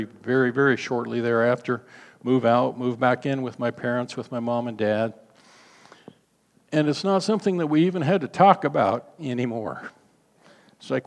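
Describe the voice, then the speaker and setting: Older guy preaching, earnest storytelling, slows way down on key bits, big echoey hall. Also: mid-range voice, vocal fry. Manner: earnest storytelling, slows for emphasis, acts out quoted voices. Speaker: pastor. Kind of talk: sermon with personal testimony. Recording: long hall reverb.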